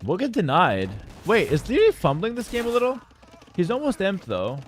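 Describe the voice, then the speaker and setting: A man casting a strategy game tournament live, casual and opinionated, breaking into excited shouts at big plays. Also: high-pitched, normal speed, slight background noise. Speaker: esports caster.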